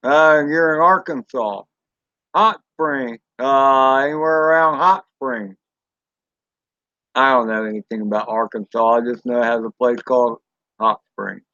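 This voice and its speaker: A man with a Southern US accent chatting casually on a live stream, rambling and folksy with drawn-out fillers and mild swearing. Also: mid-range voice, sharp tone, no echo, muffled recording. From Southern United States. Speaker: drone channel host reading live chat.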